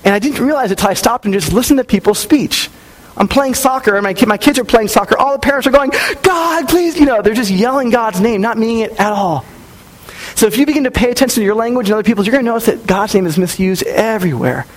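A man's voice: high-pitched, fast talker, low-quality recording. A man in his thirties preaching a sermon as a pastor, speaking conversationally and acting out quotes as he tells stories. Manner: conversational, storytelling with acted-out quotes.

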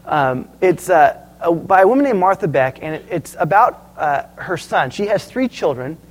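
A pastor delivers a sermon in a voice on the high side at a normal speed, though the recording is rough. He's animated and tells stories, often putting questions to the congregation.

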